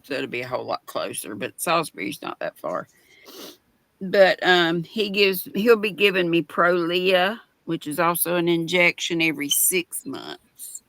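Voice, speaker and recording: A woman chats on her livestream at an unhurried pace, wandering through her story with plenty of fillers. The sound is dry and close, with no room around it. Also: lowish voice, animated, gravelly, a bit bright, dry recording. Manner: slow, rambling, with fillers. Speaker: livestream host. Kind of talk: casual chat.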